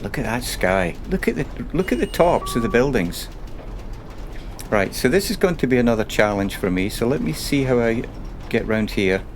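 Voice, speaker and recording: A man's voice: mid-range voice, expressive, normal speed, slight background noise. A man streaming a bus-driving game, chatting and thanking viewers in an emotional, rambling way.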